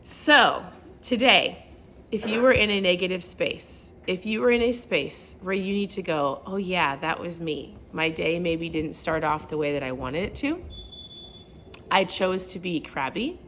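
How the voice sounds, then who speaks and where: A woman's voice: unhurried, a little hiss or hum. A middle-aged woman talking casually to her viewers from home, telling a self-deprecating story and acting out what people said, laughing often. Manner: animated storytelling, acts out quotes with big pitch jumps. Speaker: lifestyle vlogger. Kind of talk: casual motivational talk to camera.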